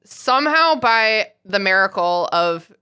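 A woman's voice: medium pitch, lively intonation, a little slow, pushed and bright, clean tone. A woman hosting a podcast in casual chat, chatty and laughing often. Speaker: podcast host.

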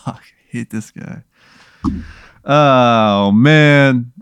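A man's voice: medium pitch, drawn-out words, fairly bright tone, clear, resonant tone, no echo. A man playing his character in a tabletop game, answering in laid-back, profane banter. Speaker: player. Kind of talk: improvised role-play.

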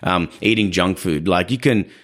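A man's voice: deep voice, normal speed, a bit bright. A young adult man hosting a podcast, explaining dog behavior in a casual, explanatory way and acting out quoted people. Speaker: podcast host, dog trainer.

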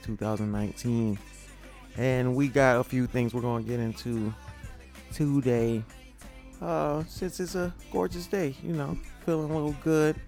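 A man with a mid-range voice hosts a podcast in a relaxed, rambling way. He stumbles over restarts and fills gaps with "uh" and "you know." Faint music plays quietly underneath. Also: medium pitch. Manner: loose and rambling, many fillers and restarts. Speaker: podcast host. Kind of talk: casual podcast chat.

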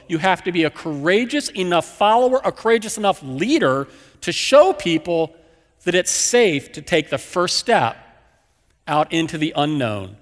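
Male pastor preaching, kinda high voice, really lively ups and downs, lots of hall echo. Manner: animated, emphatic storytelling with repeated phrases. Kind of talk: sermon.

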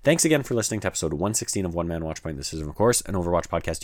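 A man with an extremely deep, low voice hosts his own podcast alone. He talks casually and rambles, restarting sentences often, and the recording is close and dry with no room sound. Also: sing-song, very fast, hardly any pauses, dry recording. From Canada. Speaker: podcast host. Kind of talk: solo gaming podcast monologue.

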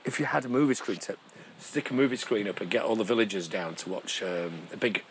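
A man chatting casually as co-host, sweary and quick to laugh. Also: fairly low pitch, a little hiss or hum, rough recording. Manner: sweary, animated, laughs a lot. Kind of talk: casual chat.

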